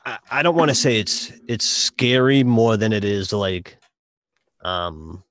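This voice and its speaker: A man with a Boston accent chatting casually about a game, halting with many restarts and fillers. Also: on the low side, animated, fairly bright tone, no room sound. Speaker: podcast guest reviewing a game. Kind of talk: casual chat.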